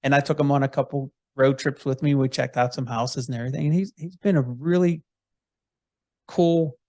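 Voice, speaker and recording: A man's voice: mid-range voice, fairly even intonation, normal speed, darkish tone, no room sound, clean studio sound. A man hosting a podcast interview, talking in an easygoing, rambling way with restarts. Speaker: podcast host. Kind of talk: casual interview chat.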